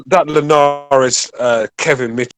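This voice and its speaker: A male podcast co-host with a mid-pitched voice who chats and teases in easy banter. He jumps into the conversation casually. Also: fairly even intonation, measured pace, over music.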